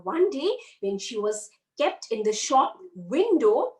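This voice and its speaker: Indian lady teacher telling kids a story, slow and sing-songy, echoey room, kinda far from the mic. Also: sits high. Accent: Indian English. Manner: animated, asks children questions. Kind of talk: storytelling to young children.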